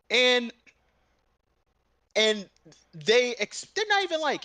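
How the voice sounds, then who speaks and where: Animated, high-voiced man ranting. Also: takes it slowly, pauses often. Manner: animated, profane, acts out both sides of arguments. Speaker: gaming and art channel host. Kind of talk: casual storytelling rant.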